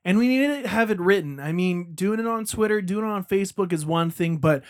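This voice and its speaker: A man's voice: high-pitched, animated, brisk, clear, resonant tone. Chatty, rambling male podcast host. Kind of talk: casual podcast monologue.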